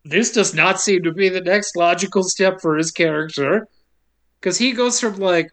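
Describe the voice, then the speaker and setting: A man's voice: high voice, a bit bright. A man co-hosting a podcast, recapping a movie in a joking casual way and laughing often. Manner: joking, laughs often, mimics characters in quick asides.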